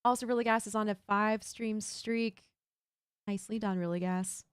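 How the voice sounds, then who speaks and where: A woman's voice: medium pitch, fairly even intonation, normal speed, smooth, no echo, studio quality. A woman streaming a building game, chatting casually and thinking aloud while she builds and reads chat. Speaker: Minecraft streamer.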